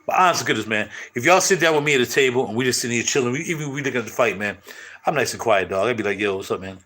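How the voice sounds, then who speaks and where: A middle-aged man hosting his channel, chatting casually to viewers in loud, animated, slangy street talk. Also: mid-range voice, racing. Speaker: channel host.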